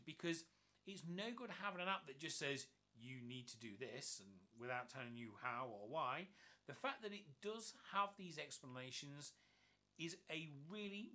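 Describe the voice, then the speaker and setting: A man's voice: on the high side, sharp tone. A man giving an enthusiastic, upbeat walkthrough review of a gadget. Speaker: tech reviewer.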